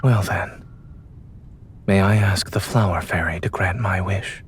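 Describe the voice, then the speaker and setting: A man voicing a gentle, reserved male love interest in a video game, speaking softly and tenderly. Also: unhurried, slight background noise. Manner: soft, low, tender.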